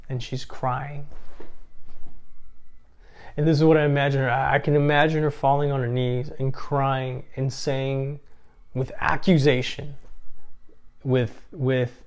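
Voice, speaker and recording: A man's voice: mid-range voice, darkish tone, smooth. Male seminar speaker: earnest, reflective sermon delivery, mid-range voice, frequent restarts. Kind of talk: sermon-style talk.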